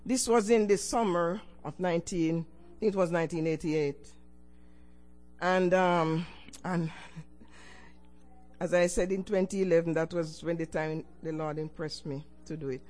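An older woman giving a personal testimony to her church, telling it with lively swings in pitch and loudness and chuckles between phrases. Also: measured pace, long pauses, soft background music. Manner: animated storytelling with sudden swings in pitch and loudness.

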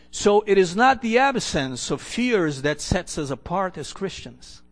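A male pastor preaching a sermon in a church, earnest, repeating key phrases for emphasis and letting the ends of lines fall to a hush. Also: sits high, big pitch swings, unhurried, hardly any pauses.

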